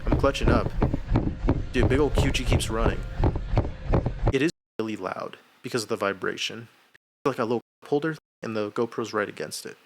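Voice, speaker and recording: A man's voice: mid-range voice, moderate pace, pauses often, heavy background noise. A young man streamer chatting casually and self-mockingly in a rambling way, laughing often. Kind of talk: casual livestream chat.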